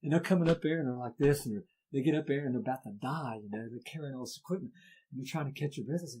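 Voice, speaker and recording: Husky Appalachian man telling stories. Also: mid-range voice, racing, rough recording. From Appalachian Ohio. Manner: animated storyteller, does voices in quotes. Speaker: folk musician guest. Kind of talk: casual storytelling chat.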